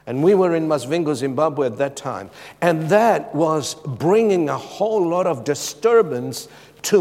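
A middle-aged man preaching a sermon with a personal testimony, emphatic and moving between loud urgency and hushed tones. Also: fairly high pitch. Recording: long reverb of a large hall.

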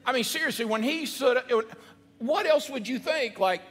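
Animated high-voiced man preaching in a hall. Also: moderate pace, breathy edge. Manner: animated, conversational preaching with asides to the congregation. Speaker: pastor. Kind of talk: sermon. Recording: long hall reverb.

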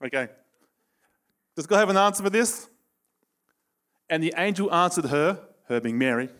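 A man delivering a sermon in a voice a little higher than most men's. He tells stories and drives his points home with sudden bursts of emphasis. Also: moderate pace, pauses often. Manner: storytelling, animated, with bursts of emphasis. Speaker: preacher.

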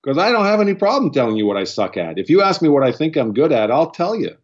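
A man's voice: a little high, big pitch swings, quick pace, muffled recording. A man speaking as a guest in casual chat, blunt and profane, often restarting his sentences. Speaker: podcast guest.

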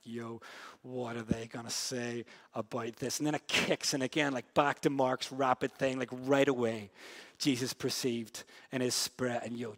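A man preaching a sermon in a casual, slangy way, swinging between loud, quick bursts and hushed, slow stretches. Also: medium pitch. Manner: lively storytelling, big swings from loud and fast to hushed and slow; casual, slangy delivery with many "like" and "yo" asides.

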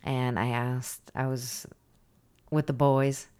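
A woman with an unusually low voice co-hosts a casual podcast. She tells stories in a chatty, meandering way, pausing often on "um" and "uh". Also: level tone, warm tone, smooth. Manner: storytelling, chatty, hesitant fillers. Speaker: podcast co-host. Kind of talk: casual chat.

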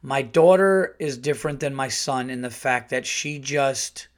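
A man hosting his podcast, telling a comic story in an animated, profane, rambling way full of restarts. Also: mid-range voice, measured pace. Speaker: podcast host, comedian.

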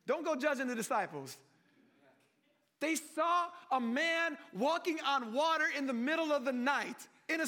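High, bright-voiced man preaching a sermon. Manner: animated and joking, calls the listeners "family"; swings from hushed to loud.

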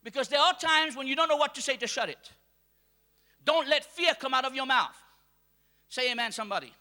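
A man from Mauritius preaching a sermon to a congregation, calling for responses and rising to shouts. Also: very high-pitched, expressive, fairly quick. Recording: long hall reverb.

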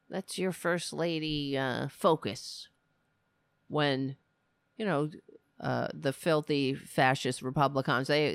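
This podcast host, a woman whose voice sits on the low side, rants about politics with anger, sarcasm, profanity and mocking impressions. The sound is clean studio quality with no room sound.

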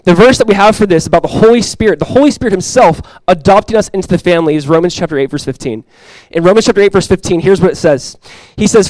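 Young male pastor preaching, earnest, repeats phrases, slightly higher voice, dry close sound. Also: quick pace, no room sound, poor audio. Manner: earnest, repeats key phrases, drops to soft intimate tones. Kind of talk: sermon.

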